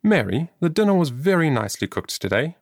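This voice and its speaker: Man voicing a tired kindly housewoman, lifted voice, lively, dry audio. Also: fairly high pitch, fairly quick, no room sound, voice pushed up. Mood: mild. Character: tired, warm-hearted woman of the house. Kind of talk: audiobook reading.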